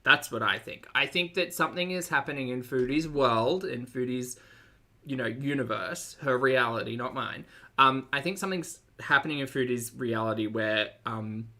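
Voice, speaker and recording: A man's voice: mid-range voice, normal speed, bright, forceful tone. A young Australian man hosting a live-stream reaction, chatty and joking as he greets viewers by name. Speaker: streamer and host.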